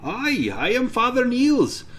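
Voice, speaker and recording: A man's voice: very high-pitched, wildly swooping pitch, slow, a bit bright, voice pushed up, exaggerated voice. A man voicing a friendly old village priest with an Irish accent, rambling and eager.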